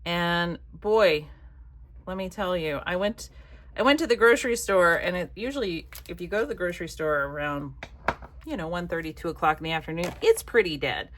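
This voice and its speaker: A woman chatting casually while she crafts, rambling from one thought to the next and dropping soft muttered asides. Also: on the low side, lively intonation, normal speed, a little hiss or hum. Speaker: craft vlogger.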